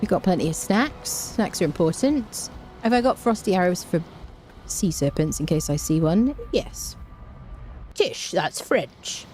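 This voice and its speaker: Animated and warm, a gaming streamer with a lowish voice talks at normal speed through casual let's-play commentary. She's chatty and playful, humming little tunes as she plays, and there's slight background noise.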